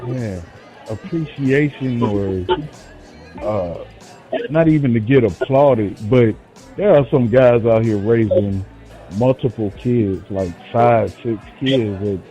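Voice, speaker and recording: A man's voice: mid-range voice, takes it slowly, dark tone. A man co-hosting a casual chat, speaking candidly from personal experience. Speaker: co-host. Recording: muffled lo-fi audio with faint music.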